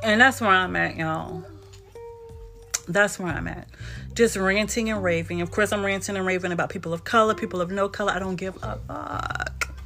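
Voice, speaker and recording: A woman's voice: medium pitch, steady tone, a little fast, vocal fry, a bit bright, faint music behind. A woman vlogger delivering a heated, profane monologue rant, repeating herself for emphasis.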